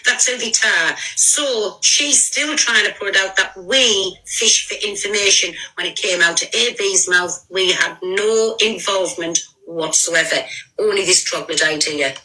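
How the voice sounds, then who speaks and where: Indignant woman, bright sharp voice. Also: mid-range voice, measured pace, low-quality recording. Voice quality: indignant, insistent. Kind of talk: heated live-stream argument.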